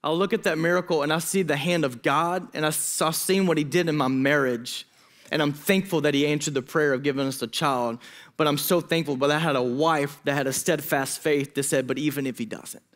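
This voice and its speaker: A man in his thirties, a student pastor preaching a sermon, telling a personal story with emotion and quick asides. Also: on the high side, fairly even intonation, fairly bright tone. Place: church hall.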